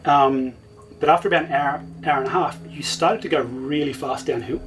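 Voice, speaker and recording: A middle-aged man tells a story in a relaxed, conversational way. He keeps quoting himself as events unfold, which gives his account a lively, spoken feel. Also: a little high, normal speed, background noise. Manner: vivid retelling, often quoting himself. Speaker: interview guest. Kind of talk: casual storytelling.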